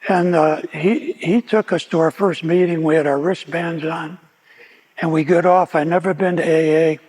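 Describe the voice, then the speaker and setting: Man, fairly high husky voice, recovery testimony, stumbling restarts, long hall reverb. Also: steady tone, normal speed, a little mellow. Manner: storytelling with frequent restarts and repeated words. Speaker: guest speaker at a recovery meeting. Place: meeting hall.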